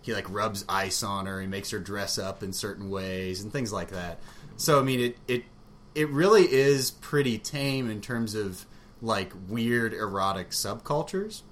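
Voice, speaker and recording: A man in casual, frank conversation about a book, rambling with fillers and quick laughs. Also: on the low side. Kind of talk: casual chat about books. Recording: faint background noise.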